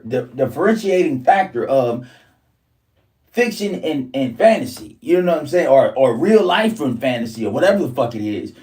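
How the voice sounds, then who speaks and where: Man, heated profane rant, lively up-and-down pitch, distant mic. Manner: profane, repetitive, heated ranting. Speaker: vlogger. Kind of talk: casual ranting monologue.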